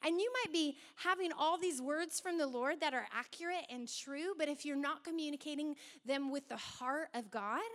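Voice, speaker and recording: A young woman with a high voice preaches a sermon. She is animated and slips into acted-out quoted voices along the way. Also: normal speed, few pauses.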